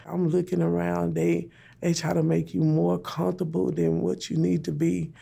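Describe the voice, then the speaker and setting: Gravelly, husky woman telling a personal story. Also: fairly low pitch, little pitch movement, moderate pace, mellow. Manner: retells events in plain repeated phrases, speaking prayers aloud. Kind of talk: emotional personal testimony.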